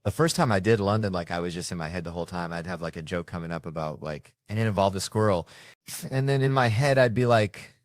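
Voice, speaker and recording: A low-pitched man tells long, meandering comic stories in a relaxed interview chat. His voice sits close and dry with almost no room around it. He talks like a touring stand-up swapping road tales. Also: fast talker, no echo. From United States. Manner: rambling, joking storyteller. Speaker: comedian guest.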